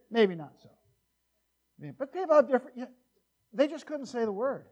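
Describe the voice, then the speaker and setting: High-voiced animated male preacher. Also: moderate pace, pauses often. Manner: animated, joking asides, varies loudness widely. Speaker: pastor. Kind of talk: expository sermon. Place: church.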